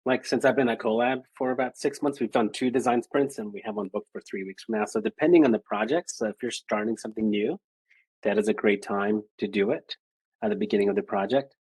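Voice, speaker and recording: A man's voice: medium pitch, darkish tone, breathy edge, no echo, poor audio. A man speaking as a guest design lead on a video call, talking energetically with lots of fillers. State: out of breath. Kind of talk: virtual presentation and Q&A.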